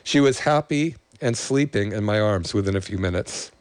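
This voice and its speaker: A man's voice: fairly low pitch, lively intonation, moderate pace, dry recording. Emotional man reading a testimonial. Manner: emotional, choking up while reading; enthusiastic, promoting his practice. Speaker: chiropractor. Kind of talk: reading a patient testimonial aloud and chatting.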